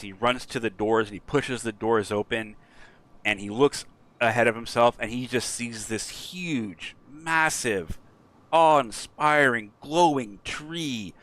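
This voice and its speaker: A man streaming a game who rambles through a story in a casual way, with lots of fillers. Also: mid-range voice. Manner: rambling, frequent fillers, animated.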